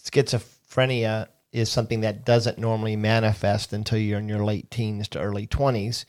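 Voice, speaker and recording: Middle-aged guy with a lower voice, laid-back history chat, lots of um and uh. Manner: relaxed and encouraging, with hesitant pauses and fillers. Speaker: podcast co-host. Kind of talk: casual history discussion.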